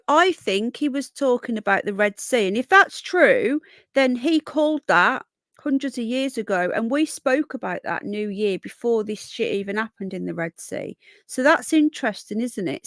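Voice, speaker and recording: A woman's voice: a little high, no echo, clean studio sound. A woman with a Birmingham accent tinged with Yorkshire, rambling through a casual livestream chat and greeting viewers by name. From Birmingham, England. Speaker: livestream host. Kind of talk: casual live chat, reading comments.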